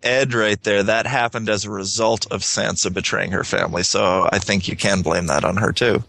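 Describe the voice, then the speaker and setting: A man's voice: on the low side, fairly even intonation, normal speed, vocal fry, sharp tone, no echo. A man co-hosting a casual podcast discussion who argues his point in a provocative, playful way. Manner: provocative, argumentative, playfully blames a character. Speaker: podcast co-host.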